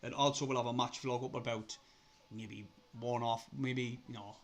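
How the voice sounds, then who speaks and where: A young man with a Sunderland accent, hosting a casual live stream, chatty, laughing often, swearing and getting excitable. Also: medium pitch, moderate pace. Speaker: livestream host.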